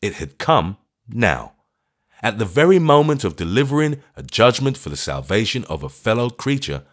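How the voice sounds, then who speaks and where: A man with a low voice narrates an audiobook with lively, animated intonation. His delivery is measured and storytelling. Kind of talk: scripted narration.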